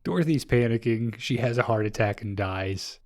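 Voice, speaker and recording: A man's voice: medium pitch, animated, normal speed, darkish tone, no room sound, clean studio sound. A man on a podcast casually retelling a film's plot, laid-back and swearing freely. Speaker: podcast host recapping a film. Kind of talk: casual chat.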